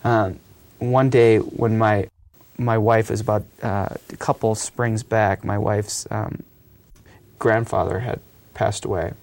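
Low, gravelly man in his thirties; earnest, reflective storyteller who hesitates often. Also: flat delivery, takes it slowly, darkish tone. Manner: earnest, hesitant with frequent fillers. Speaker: youth ministry speaker.

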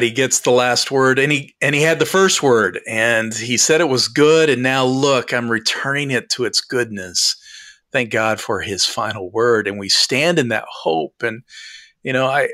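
A man's voice: medium pitch, pushed and bright, dry recording, clean studio sound. A man who is a pastor leading a scripture discussion in a reflective, affirming way and asking his co-host questions.

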